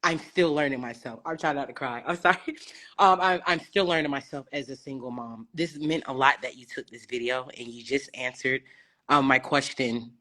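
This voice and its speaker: A woman's voice: a bass voice, normal speed, sharp tone. A young woman calling into a live stream, talking in an emotional, rambling and effusive way. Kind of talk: casual chat.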